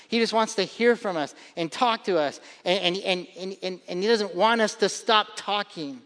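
A man's voice: sits high, normal speed, few pauses, a bit bright, in a large hall. A man in his thirties preaching a sermon as a pastor, conversational and emphatic, often repeating words as he builds a point.

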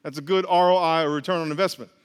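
A male pastor with a fairly high voice preaches in a loose, joking way. He asks the congregation to call back to him and keeps it conversational. His voice carries the long echo of a large church hall. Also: steady tone, rapid-fire, smooth. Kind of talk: sermon.

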